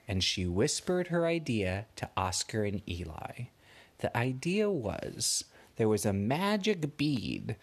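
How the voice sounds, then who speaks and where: A man making up a bedtime story for a child, taking his time over every sentence. His voice rises and falls a lot, playful and expressive, as he pulls the listener along. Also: on the low side. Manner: slow, animated, playful voices. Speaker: parent telling a bedtime story.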